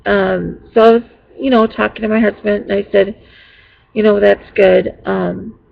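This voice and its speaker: A woman vlogger rambles through a casual story for her viewers, restarting her sentences and filling gaps with ums. Her voice has a gravelly, creaky edge, and she sounds exasperated as she retells it. The sound is dull and lo-fi, like a basic home recording. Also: mid-range voice, flat delivery, unhurried, slight background noise. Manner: rambling, with many fillers and restarts.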